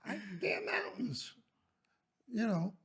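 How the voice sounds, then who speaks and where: An older man tells old school stories in a high, raspy, gravelly voice. His delivery is loud and animated, with a lively, swooping pitch that breaks into shouts. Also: slow. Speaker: former teacher. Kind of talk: casual storytelling talk.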